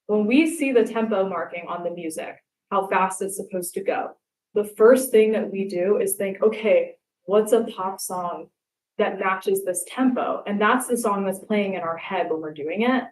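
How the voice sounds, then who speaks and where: A young woman performs stand-up on a live comedy show stage, telling stories in an animated way and acting out the lines she quotes. Her voice is mid-range at a moderate pace, and the venue sounds echoey.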